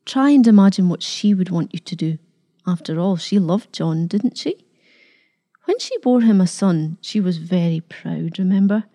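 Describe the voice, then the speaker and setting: A woman doing a gentle old vicar. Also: fairly low pitch, expressive, moderate pace. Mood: earnest. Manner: soft, quiet and gentle. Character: gentle, kindly old male village vicar.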